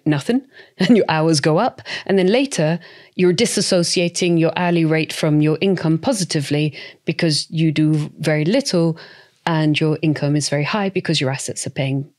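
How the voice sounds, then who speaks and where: Woman in her forties, expressive, chatty podcast guest, lowish voice. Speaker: guest entrepreneur. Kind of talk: conversational podcast interview.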